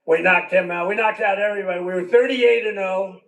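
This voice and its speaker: This older politician's rally speech wanders and repeats, with conversational asides throughout. His high, creaky voice is a bit bright, a little fast, with fairly even intonation, recorded roomy and distant in a large crowded venue.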